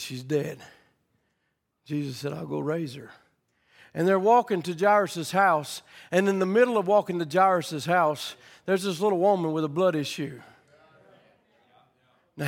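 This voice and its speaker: A man preaching a sermon, rising from quiet storytelling to fervent shouting. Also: fairly high pitch, moderate pace, creaky, pauses often, in a large hall.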